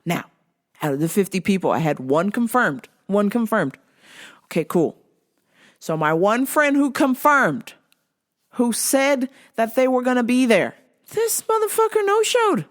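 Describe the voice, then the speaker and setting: Brief: woman host, mid pitch, venting about fights and flaky friends, loose and profane. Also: unhurried. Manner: animated, exasperated, swears freely. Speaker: show host. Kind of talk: casual ranting commentary.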